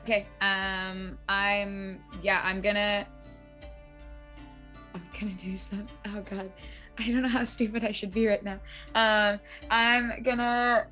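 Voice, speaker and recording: A woman's voice: mid-range voice, level tone, normal speed, bright, forceful tone, soft background music. A woman playing a tabletop game, talking hesitantly with lots of "like" and restarts as she decides what to do. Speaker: player. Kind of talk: casual tabletop play.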